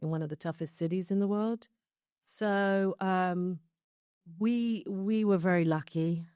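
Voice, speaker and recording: A woman's voice: mid-range voice, unhurried, mellow, smooth, no room sound, studio quality. A British woman from London, recounting her life story in a candid interview, chatty and reflective with laughs between stories. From London, England. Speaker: show creator being interviewed.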